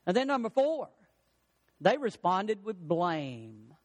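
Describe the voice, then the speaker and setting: A man preaches a sermon in a high, ringing voice. He stacks repeated lines with rising emphasis and acts out the people he quotes. A long reverb from a large hall trails behind him. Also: big pitch swings, slow pace. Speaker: pastor.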